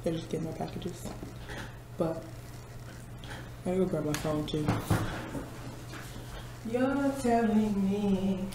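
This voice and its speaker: A woman's voice: sits low, flat delivery, moderate pace, long pauses, noisy background. A woman in her twenties from Missouri, chatting casually to camera from her office at work, laughing often and mimicking people. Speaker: vlogger. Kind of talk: casual chat. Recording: roomy office with faint ambience.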